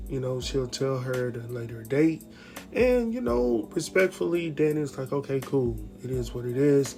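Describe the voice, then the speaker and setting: A man's voice: medium pitch, vocal fry, dark tone. A man with recapping a TV episode in casual commentary, acting out the quotes and laughing often. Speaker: TV recap host.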